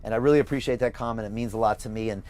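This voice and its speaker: A middle-aged American man from California hosting a livestream, reading out viewer comments and making an emphatic, rallying campaign pitch. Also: racing. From California, USA. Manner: energetic, emphatic, repetitive rallying. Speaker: host and mayoral candidate.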